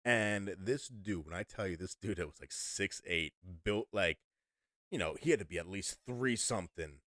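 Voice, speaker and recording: Low-voiced American man telling stories. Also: normal speed, dry recording, clean studio sound. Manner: rambling, animated storyteller with many fillers and restarts. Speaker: podcast co-host. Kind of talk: casual storytelling chat.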